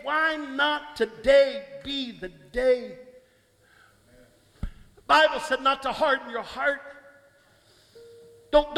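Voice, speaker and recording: A man preaching a sermon as pastor in a church, repeating phrases and building up to shouted, impassioned peaks. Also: very high voice. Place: church sanctuary. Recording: long church-hall reverb.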